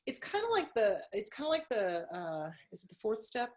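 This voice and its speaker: A woman's voice: medium pitch, normal speed. Blunt, laughing middle-aged woman therapist. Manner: blunt, animated, laughs often, swears freely. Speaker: therapist, podcast guest. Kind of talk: candid interview chat.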